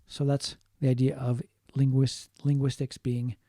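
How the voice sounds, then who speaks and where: A man giving a linguistics lecture, explaining slowly, repeating key points and adding short Japanese glosses. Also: medium pitch, level tone, dark tone, no room sound, clean studio sound. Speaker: linguistics teacher. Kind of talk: online lecture.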